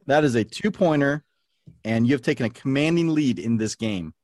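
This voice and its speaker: A man's voice: mid-range voice, expressive, normal speed, darkish tone, dry recording, clean studio sound. A man hosting a podcast trivia game, reading questions and scoring answers playfully. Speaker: quiz host.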